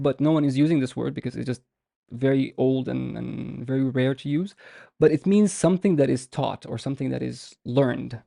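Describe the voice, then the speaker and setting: A man's voice: medium pitch, gravelly, mellow, no echo, studio quality. A man giving an online language lesson, explaining patiently and stretching out example words to show the sounds. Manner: explanatory, with frequent restarts and drawn-out example words. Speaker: language teacher.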